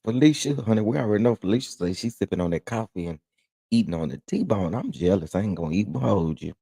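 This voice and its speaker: A man with a Southern Texas accent hosts a relaxed morning livestream, reading comments and greeting viewers by name. His voice is low and gravelly, with a mellow tone, and his pitch swings widely as he jumps into high, excited exclamations. The sound is dry and close, with no room echo. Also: fast talker. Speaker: livestream host.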